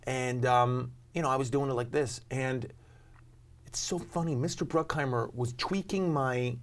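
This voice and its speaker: A man's voice: mid-range voice, steady tone, unhurried, slight background noise. Rambling self-deprecating man. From New York. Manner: rambling, self-deprecating, many ums and restarts. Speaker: actor and talk show host, guest. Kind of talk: casual interview chat.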